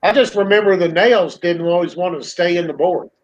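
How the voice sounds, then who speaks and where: High-voiced man, dull lo-fi sound. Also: fairly quick. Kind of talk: casual chat among friends.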